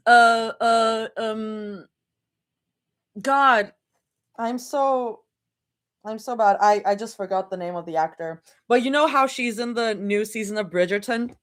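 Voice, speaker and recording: A woman's voice: on the high side, fairly bright tone. A woman live-reading fanfiction aloud, often breaking off to laugh and chat with her viewers. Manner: giggly, breaks off to react and chat. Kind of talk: live reading with chatty reactions.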